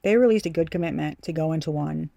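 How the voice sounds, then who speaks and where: A woman's voice: deep voice, quick pace, gravelly, dark tone, no echo. Blunt, profane woman tarot reader. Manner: blunt, profane, emphatic, repeats herself. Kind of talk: collective tarot reading, casual.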